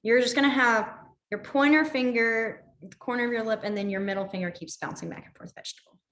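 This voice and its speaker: A woman's voice: a little high, fast talker, fairly bright tone, roomy sound. A young woman teaching a sign language class online, chatty, apologetic and easily sidetracked, laughing often.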